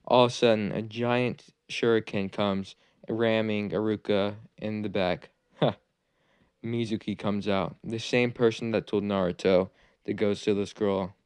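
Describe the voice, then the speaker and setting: A man's voice: fairly low pitch, fairly even intonation, normal speed, darkish tone, clean tone, dry recording. A man casually narrating a fan-made what-if anime story, rambling with fillers and restarts.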